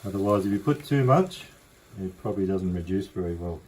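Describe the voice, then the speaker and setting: A middle-aged Australian man walks through a recipe in a casual, rambling, friendly way. His voice is mellow and unhurried, recorded in a home kitchen with a faint hum of noise behind him. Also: sits low, animated, low-quality recording. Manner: chatty, rambling, easygoing. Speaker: cooking vlogger. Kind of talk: casual cooking demonstration.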